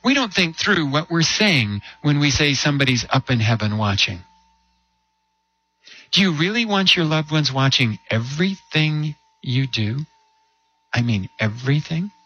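A man preaching a sermon, telling a story with rhetorical questions and slowing down to stress key words. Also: a little high, animated, bright, forceful tone, breathy edge, no room sound, muffled recording. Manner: storytelling with rhetorical questions and slow emphatic drops.

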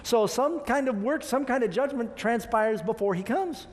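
A man's voice: extremely high pitch, normal speed. A man preaching a sermon, emphatic and putting questions to his congregation. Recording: long reverb of a large hall.

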